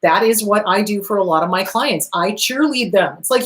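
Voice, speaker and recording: A woman's voice: mid-range voice, brisk. A middle-aged woman therapist hosting her own show, giving blunt, upbeat advice straight to her viewers, with emphatic, cheerleading encouragement and the odd swear. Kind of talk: direct-to-camera advice talk.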